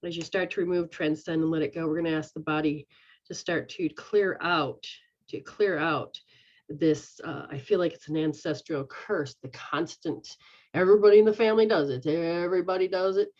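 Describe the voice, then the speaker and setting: A woman with a lowish voice guides a healing session, often coming back to a chant-like refrain. She talks straight to the listener throughout. The sound is dull and lo-fi. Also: steady tone, normal speed, darkish tone. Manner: repeats a chant-like refrain, speaks to the listener as "you". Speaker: spiritual healer. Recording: dull lo-fi recording.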